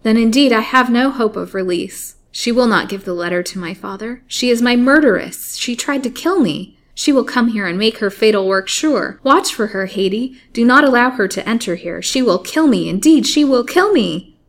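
A woman's voice: fairly high pitch, animated, moderate pace, voice pushed up. A woman voicing a frightened young woman held captive, pleading and crying out in a storybook reading. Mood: terrified. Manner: imploring, rising to frantic outbursts.

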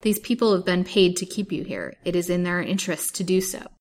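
A woman reading aloud plays a scheming older doctor who barks orders in a commanding, impatient way and drops to a smooth courtesy when it suits him. It is a lowish storybook voice. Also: brisk, a little mellow. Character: brusque, scheming older male physician.

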